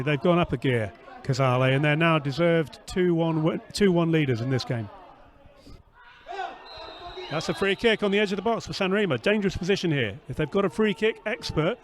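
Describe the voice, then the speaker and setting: A man's voice: a little high, a little fast. A man co-hosting outdoors at a football ground, giving good-humoured, self-deprecating live commentary on the play. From England. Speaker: podcast co-host. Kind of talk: casual live match commentary.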